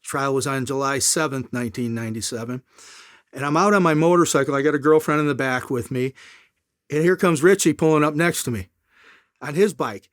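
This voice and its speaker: A middle-aged man tells his story as an interview guest with a lot of life, his pitch swinging up and down as he acts out the people in it. His voice sits a bit high for a man. The sound is close-miked and dry. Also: expressive, brisk, dry recording.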